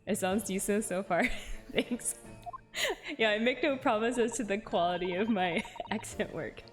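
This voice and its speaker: A woman streamer chatting casually between game lines, giggling often and answering her chat in a mid-range voice. Soft game music plays under her. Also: mid-range voice, a little slow.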